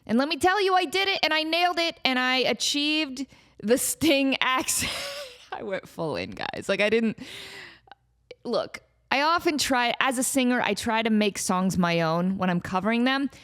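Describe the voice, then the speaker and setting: A woman's voice: high-pitched, very animated, moderate pace, a bit bright. Chatty woman hosting a solo podcast. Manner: chatty and self-deprecating, breaks off to scold her cat. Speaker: podcast host. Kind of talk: casual solo podcast chat.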